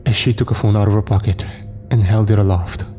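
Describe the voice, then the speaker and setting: A man narrating a first-person horror story in a measured, tense storytelling manner. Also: fairly low pitch, steady tone, warm tone, soft background music.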